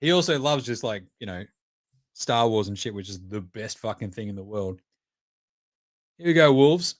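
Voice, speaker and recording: An Australian man in his thirties reacting live as a host, profane and excitable, cheering and chanting at the screen between chatty stories. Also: on the low side, normal speed, no room sound, clean studio sound. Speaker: podcast host.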